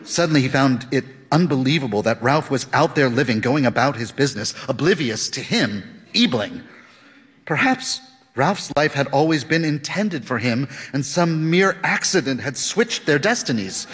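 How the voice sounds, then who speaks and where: Expressive male audiobook narrator, husky. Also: medium pitch, moderate pace, in a large hall. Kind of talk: scripted narration of a novel.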